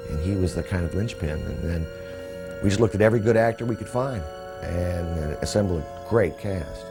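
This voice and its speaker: Deep-voiced reflective man. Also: brisk, music in the background. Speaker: film director. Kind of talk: interview recollection.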